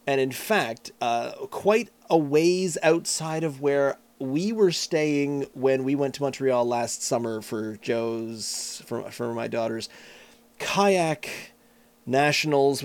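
A man's voice: medium pitch, takes it slowly. Chatty middle-aged man tasting beer. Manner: animated, chatty, self-deprecating with vivid comparisons. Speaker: podcast co-host reviewing beers. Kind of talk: casual chat.

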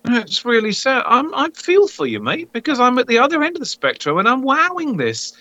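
Middle-aged man, casual beer-chat co-host, high bright voice, very lively pitch, enthusiastic. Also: fairly quick, lo-fi sound. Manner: enthusiastic, expressive, says mate. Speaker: podcast co-host reviewing beers.

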